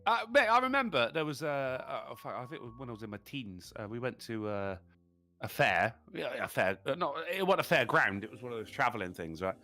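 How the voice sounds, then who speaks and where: Lively profane man co-hosting. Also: medium pitch, fairly quick, faint music behind. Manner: profane, laughing, emphatic. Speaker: podcast co-host. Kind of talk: casual podcast chat.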